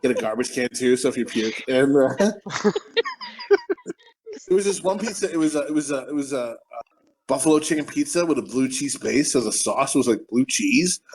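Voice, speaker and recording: A man's voice: mid-range voice, animated, normal speed, darkish tone, breathy edge. A man co-hosting a podcast, telling rambling, profane stories in casual chat. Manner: rambling, profane storytelling with frequent laughs. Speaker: podcast co-host.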